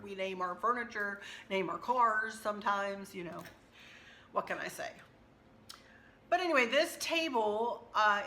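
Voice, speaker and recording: A woman hosting a home decor channel, chatting casually and effusively to her viewers with soft laughs. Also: mid-range voice, a little hiss or hum. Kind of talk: casual chat to camera.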